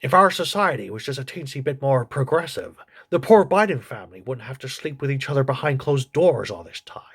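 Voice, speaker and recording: A man voicing a crude, gossipy old male politician who reviews a TV show in a comedy sketch, with a husky voice. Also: medium pitch, expressive, a little fast, few pauses, fairly bright tone. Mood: snarky.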